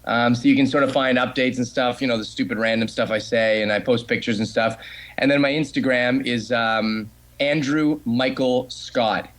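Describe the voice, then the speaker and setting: A man from Canada, a voice actor, chatting easily as a guest on a podcast. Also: mid-range voice. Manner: chatty, easygoing, laughs along. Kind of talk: casual podcast interview.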